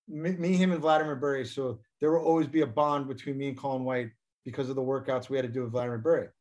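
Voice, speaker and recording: A man's voice: medium pitch, fairly even intonation, fast talker, a little mellow. A man, a former pro hockey player, telling rambling stories with laughs and restarts in a casual interview.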